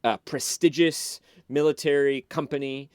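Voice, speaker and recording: Smooth-voiced man telling a story. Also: mid-range voice, a little slow, no room sound, clean studio sound. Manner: animated, loose, full of "like" and restarts. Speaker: podcast guest. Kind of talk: casual storytelling, retelling a film.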